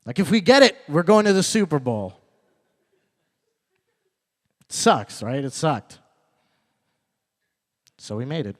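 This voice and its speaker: Performing at an open mic in a small club, a young man with a mid-range voice works through a stand-up comedy set. His storytelling is loose, with repeated lines and acted-out quotes.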